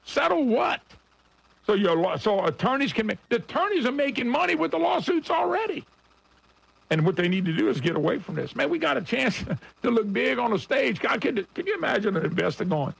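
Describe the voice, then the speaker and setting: A man's voice: sits high, big pitch swings, a little fast, vocal fry, breathy edge, rough recording. A middle-aged man hosting a radio talk show, talking in a blunt, folksy and combative way and calling his listeners folks. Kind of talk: opinionated radio monologue.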